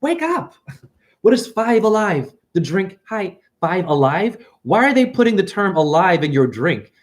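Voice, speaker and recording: A middle-aged man giving a fast, profane, rambling spiritual monologue that swings between loud and soft. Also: high-pitched, very animated. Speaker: self-styled spiritual teacher.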